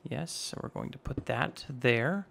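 Raspy, chatty young man gaming. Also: medium pitch, lively intonation, a little slow, a bit bright. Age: 20s. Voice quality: slightly raspy. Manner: rambling, self-teasing, narrates each step aloud. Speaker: gaming YouTuber. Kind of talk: casual Minecraft let's play commentary.

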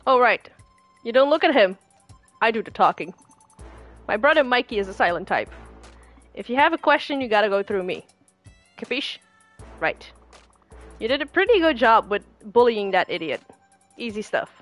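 A woman's voice: on the high side, sing-song, normal speed, pauses often, faint music behind. Woman putting on a brash wiseguy hummingbird. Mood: bossy. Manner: gruff wiseguy way of talking. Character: brash tough-talking little hummingbird, bossy.

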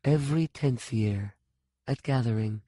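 A man doing a hushed, dreamy witch. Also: medium pitch, no echo, studio quality, lightly acted. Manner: soft, hushed and slow. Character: ageless wild-haired female witch, dreamy and possessive.

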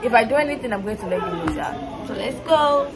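Recorded roughly on a phone camera, a young woman in her hostel room rants in an upset, candid, slangy vlog chat. Her voice sits on the high side, expressive and fast, over loud music and a noisy crowd.

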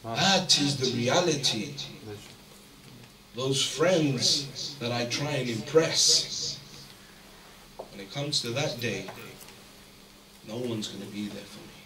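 A man from the UK giving a sermon as a guest speaker, telling stories that swing from hushed to impassioned. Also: medium pitch, slow pace, pauses often. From United Kingdom. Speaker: guest speaker at a religious gathering. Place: large hall with an audience. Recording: echoey hall, mic at a distance, crowd present.

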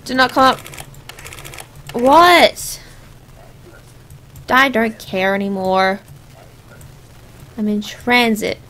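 A woman's voice: a little high, drawn-out words, long pauses, a bit bright. A young woman giving rambling, jokey let's play commentary as she plays a game. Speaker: gamer.

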